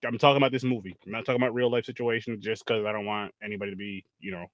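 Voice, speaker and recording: A man's voice: lowish voice, steady tone, racing, dry recording, muffled recording. A man in casual, profane conversation about a film, rambling and restarting his sentences. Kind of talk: casual movie review chat.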